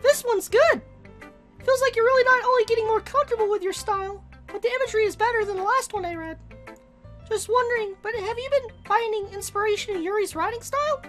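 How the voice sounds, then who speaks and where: A woman voicing a cheerful teenage girl who is a club president, reading game dialogue aloud in a bright, friendly, encouraging way. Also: extremely high pitch, fast talker, soft background music, pitched above the performer's own voice.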